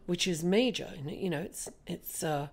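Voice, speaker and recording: A woman with a raspy voice, hoarse from being ill, giving a chatty tarot reading and calling her listeners darling. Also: lowish voice, normal speed, darkish tone. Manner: chatty, calls listeners darling and guys, many fillers. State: hoarse from illness. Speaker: tarot reader. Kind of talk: casual tarot reading monologue.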